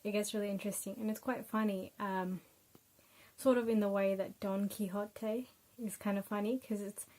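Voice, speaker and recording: A woman's voice: mid-range voice, level tone, moderate pace, a little mellow, poor audio. A young Australian woman giving a casual, chatty book review with many ums and uhs.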